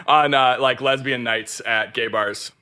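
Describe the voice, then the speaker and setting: A woman's voice: extremely low pitch, steady tone, a little slow, noisy background. A pregnant woman chatting casually as a podcast guest, laughing often through her words. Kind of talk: casual chat.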